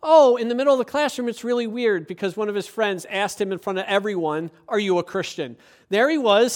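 A man preaching a sermon, lively and conversational, acting out little quoted exchanges and building to emphatic points. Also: extremely high pitch. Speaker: pastor.

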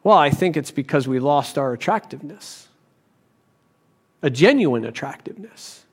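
A man preaching a sermon as pastor, deliberate, with bursts of animated storytelling. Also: on the high side, husky.

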